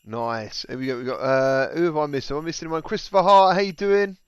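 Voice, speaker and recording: Male stream host, smooth clear voice, slightly muffled mic. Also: fairly high pitch, fast, no room sound. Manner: reads out chat messages, upbeat greetings. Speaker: livestream host. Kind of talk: casual livestream chat.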